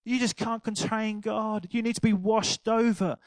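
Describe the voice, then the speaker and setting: A man's voice: sits high, moderate pace, no echo, rough recording. Older man preaching, dry close sound. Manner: animated storytelling, laughing at his own anecdote. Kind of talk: sermon.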